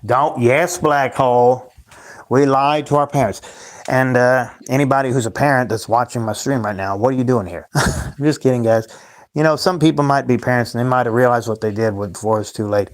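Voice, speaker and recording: A man's voice: mid-range voice, fairly quick. A man hosting his own livestream, rambling and ranting at his chat, repeating himself and calling the viewers guys. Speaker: livestream host.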